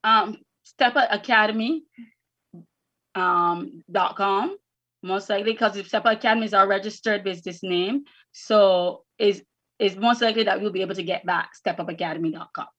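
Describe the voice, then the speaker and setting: A woman's voice: mid-range voice, moderate pace, fairly bright tone, muffled recording. A woman educator answering interview questions earnestly, often repeating words as she finds them. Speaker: educator and academy founder.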